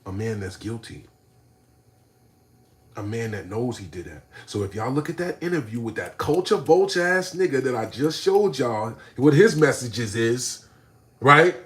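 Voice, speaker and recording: A man ranting on a livestream, animated and profane, swinging between low mutters and shouting. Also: unhurried. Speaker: streamer. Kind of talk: livestream rant.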